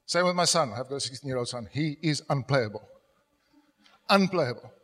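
A man's voice: mid-range voice, expressive, moderate pace. Middle-aged male pastor in a reverberant hall. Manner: storytelling, drops to a soft confessional tone when quoting himself. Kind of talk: sermon. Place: church hall. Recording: long church hall reverb.

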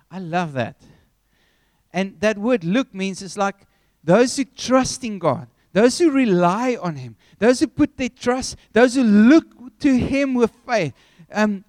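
A man preaching a sermon, telling a story with animated, acted-out scenes. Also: high voice, no room sound.

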